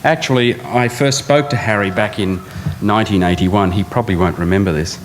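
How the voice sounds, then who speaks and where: A middle-aged architect with a lowish voice and brisk delivery introduces a speaker through dry anecdotes, occasionally doing accent impressions. The recording, made in a large lecture theatre, has long reverb and a faint hum.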